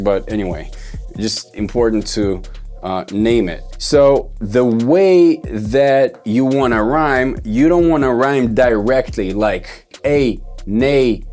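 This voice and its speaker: A man's voice: mid-range voice, darkish tone. A man teaching songwriting in a loose, rambling way, correcting himself and thinking aloud as he goes. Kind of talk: loose explanatory lesson.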